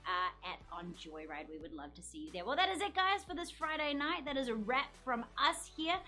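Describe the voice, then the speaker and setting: A woman's voice: high voice, big pitch swings, brisk, pushed and bright, soft background music. A woman hosting a live online trivia game from an office studio, upbeat and chatty as she reads out viewer comments. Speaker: quiz show host.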